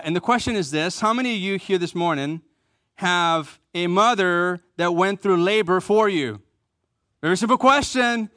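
A man's voice: high voice, sharp tone, smooth, no room sound, studio quality. A man preaching a Mother's Day sermon as pastor, informal and joking, with many fillers. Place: church sanctuary.

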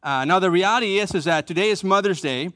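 Joking pastor with a crisp, dry voice. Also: male voice, sits high, fast, pushed and bright, dry recording. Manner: informal and joking, with fillers. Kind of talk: sermon. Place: church sanctuary.

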